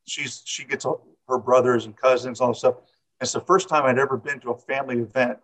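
A man's voice: medium pitch, steady tone, a little fast, fairly bright tone, low-quality recording. A middle-aged man who coaches, telling a personal story in an interview, rambling and repeating words with many fillers.

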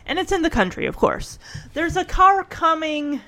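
Woman host, high voice, chatty reaction commentary, lively retelling full of fillers. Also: normal speed. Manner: animated storytelling, acting out the characters in quotes; chatty, with many fillers and restarts. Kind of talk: casual commentary on a TV episode.

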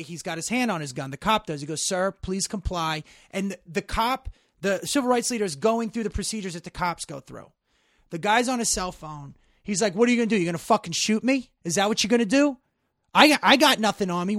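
A man with a fairly high voice talks in a casual, blunt way, swearing freely and restarting his sentences often. His voice is recorded dry and close, with little room sound. At times he heats up into emphatic ranting. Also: no room sound. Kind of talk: casual chat.

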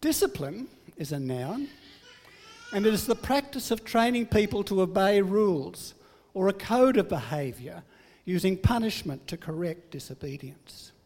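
A man's voice: sits high, animated, normal speed, darkish tone, big-room sound. An older man giving a sermon, telling family stories in a humorous, self-deprecating way. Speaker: preacher.

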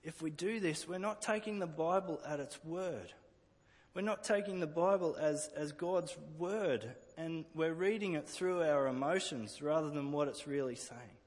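A man's voice: a little high, normal speed, long reverb tail. A man preaching a sermon earnestly, often repeating words as he restarts a phrase. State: emotional at times.

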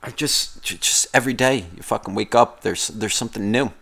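A man's voice: on the low side, brisk, creaky, bright, forceful tone. A man hosting a podcast, talking in a casual, rambling, profane monologue full of complaints. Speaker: podcast host.

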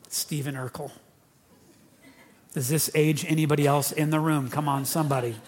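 A high-voiced man delivers a Sunday sermon from the pulpit. He is emphatic and repeats his key phrases to make sure the room hears them. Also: steady tone, moderate pace, a little mellow, a little hiss or hum. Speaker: pastor. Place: church.

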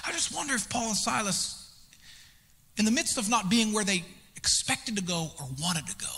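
A man preaching a sermon as pastor, candid and self-deprecating, swinging from hushed whispers to shouted emphasis. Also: sits high, sing-song, normal speed, breathy edge. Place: church auditorium. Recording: long reverb of a large hall.

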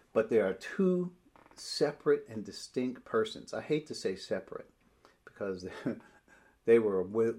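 A man teaching a bible study, explaining verses step by step and slowing down when he reads scripture aloud. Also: fairly low pitch, a little mellow.

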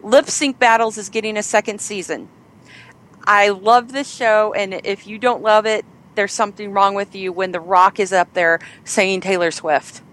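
A woman's voice: mid-range voice, steady tone, moderate pace, fairly bright tone. A woman hosting a casual entertainment news chat, enthusiastic and rambling, with frequent fillers. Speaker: host.

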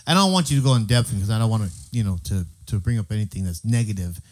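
A man interviewing a guest in a relaxed way, prompting with short agreements. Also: lowish voice, racing. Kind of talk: casual interview talk.

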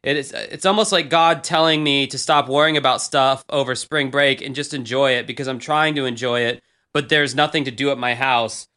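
A man's voice: mid-range voice, steady tone, a little fast, few pauses, bright, forceful tone. A man in his thirties, casually chatting as a podcast host, rambling and crude with self-mocking humor. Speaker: podcast host reading old diary posts. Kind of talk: casual chat.

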